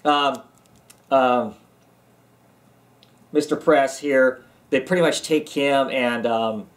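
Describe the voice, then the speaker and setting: Male vlogger, mid-pitched, tired and yawning, rambling casual comic review recorded at home. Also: slow. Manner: rambling, many ums and restarts. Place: home basement.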